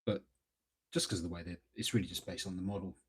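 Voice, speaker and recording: A man giving relaxed, rambling commentary while painting miniatures live, thinking aloud with lots of fillers. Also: deep voice, fast, slightly rough. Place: at a hobby desk at home.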